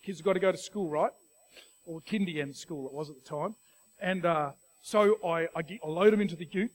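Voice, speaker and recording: A middle-aged man with an Australian accent, preaching a sermon through an animated personal story full of restarts. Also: on the high side, brisk.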